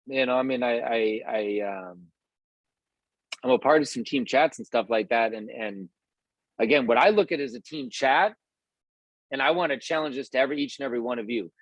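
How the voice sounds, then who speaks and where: This man's pep talk to his team is loose and rambling, delivered at normal speed with frequent pauses and lots of restarts. When quoting people, he performs them in a raised, higher pitch. The audio has no echo.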